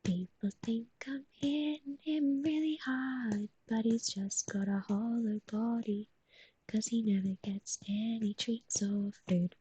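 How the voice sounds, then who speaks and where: A young woman whispers nearly the whole time, her voice airy and breathy, cooing baby talk to her pet and thanking viewers on a livestream. She drifts slowly through sing-song made-up rhymes, sitting a touch high in pitch. The sound is close and dry, with no room around it. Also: mellow, no room sound, low-quality recording. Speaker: livestream host.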